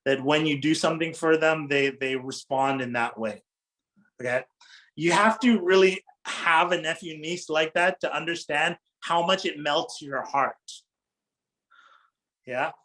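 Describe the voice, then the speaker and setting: Middle-aged male preacher, fairly high voice, informal, asks the crowd questions. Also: a little slow, fairly bright tone, poor audio. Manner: engaging, asks the audience questions, laughs lightly. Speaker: Islamic preacher. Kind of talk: conversational religious talk to an audience.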